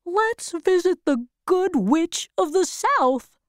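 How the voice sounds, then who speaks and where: A woman doing a warm, high scarecrow. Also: expressive, takes it slowly, dry recording, studio quality, exaggerated voice. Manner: warm, raised voice. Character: grateful male scarecrow, friendly.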